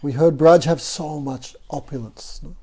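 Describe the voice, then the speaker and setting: A man's voice: on the high side, unhurried, warm tone, slightly rough. Man giving a devotional class. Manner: storytelling, asks the audience "no?" often. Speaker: spiritual teacher.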